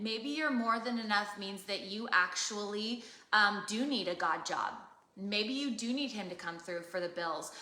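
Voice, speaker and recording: Bright, earnest woman preaching in echo. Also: mid-range voice. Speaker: co-host of a live faith chat. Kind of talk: casual live conversation. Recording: roomy echo.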